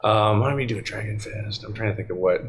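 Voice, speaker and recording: A man playing a tabletop game as a guest, animated, laughing and thinking aloud. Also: fairly low pitch, fast talker. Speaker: guest player. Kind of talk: casual tabletop play. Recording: echoey room with crowd noise.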